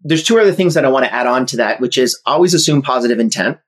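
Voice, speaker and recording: A man who is an entrepreneur and podcast guest, explaining his views in a measured way. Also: mid-range voice, expressive, slightly rough. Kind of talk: casual interview chat.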